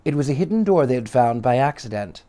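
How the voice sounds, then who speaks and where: A man reading a children's story aloud with dramatic, lively delivery. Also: mid-range voice, fast talker.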